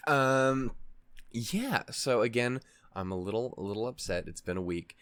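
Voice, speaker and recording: A man's voice: medium pitch, lively intonation, measured pace, fairly bright tone, dry recording. A man hosting a reaction channel, casually recapping a show in a rambling way, with lots of fillers, restarts and swearing.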